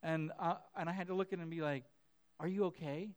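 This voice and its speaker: A man's voice: a little high, steady tone, racing, smooth. A man in his thirties preaching a sermon as a pastor, chatty with many fillers and restarts, acting out the voices in his stories. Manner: acts out his kids' and his own voices in quotes.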